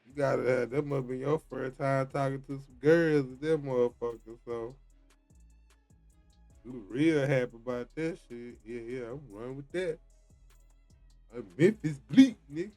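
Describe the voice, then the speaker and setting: A man's voice: medium pitch, normal speed, darkish tone, soft background music. A man reacting to a clip, laughing and sounding incredulous as he comments. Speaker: reaction streamer.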